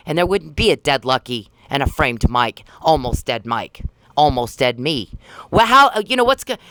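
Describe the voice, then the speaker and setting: A woman's voice: deep voice, no room sound. A woman in her fifties from the United States, delivering an angry, profane, accusing rant straight to the camera. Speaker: vlogger. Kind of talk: angry direct-address rant.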